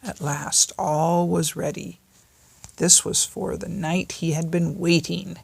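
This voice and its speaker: Older woman, grandmother, bedtime story reading, slow, gravelly, husky. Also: lowish voice, fairly even intonation, no echo.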